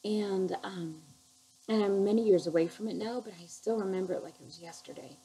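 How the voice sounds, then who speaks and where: A middle-aged woman who works as a chemical dependency counselor tells her personal recovery story in an earnest, halting and heartfelt way. Her voice is medium-pitched and dark-toned, and the audio quality is poor.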